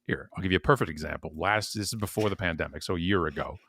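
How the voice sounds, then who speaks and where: Deep-voiced man, emphatic storyteller. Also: quick pace. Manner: animated storyteller, emphatic, repeats words when worked up. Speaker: podcast guest. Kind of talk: conversational interview. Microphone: podcast mic at home.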